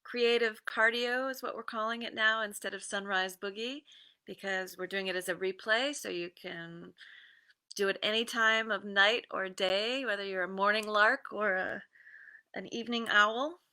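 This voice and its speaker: A woman coach giving a casual guided meditation talk, easygoing, with many pauses and fillers and some reading aloud. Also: mid-range voice, fairly even intonation, pushed and bright, clean tone. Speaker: creative success coach.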